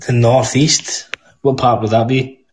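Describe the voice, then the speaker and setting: A man's voice: medium pitch, level tone, measured pace, slight background noise. A Scottish man hosting a podcast call, teasing callers with constant swearing and mock-aggressive banter. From Scotland. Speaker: podcast host. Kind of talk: casual call-in chat.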